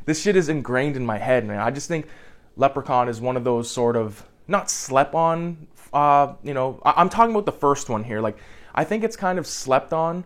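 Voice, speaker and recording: A man's voice: mid-range voice, expressive, moderate pace, fairly bright tone. A young man casually recapping a movie plot in a rambling way, swearing freely and filling his speech with "like". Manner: rambling, profane, heavy on "like" fillers.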